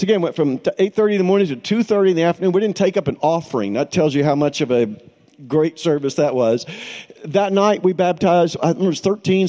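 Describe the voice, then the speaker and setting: A man's voice: a little high, warm tone. A middle-aged man preaching a sermon as pastor, in a conversational storytelling way with light laughs.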